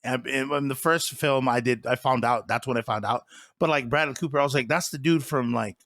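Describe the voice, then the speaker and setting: A man's voice: medium pitch, a little fast, fairly bright tone, dry recording, studio quality. A man co-hosting a casual movie podcast, rambling with many fillers and hedges. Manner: rambling, lots of fillers and hedging. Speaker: podcast co-host. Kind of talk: casual movie review chat.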